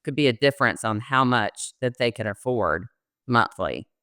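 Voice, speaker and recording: Middle-aged woman explaining credit stuff, bright clear voice, lots of ums. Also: very deep voice, lively intonation, moderate pace, no room sound, studio quality. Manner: explanatory, uses fillers. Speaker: mortgage loan officer, podcast guest. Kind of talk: casual interview chat.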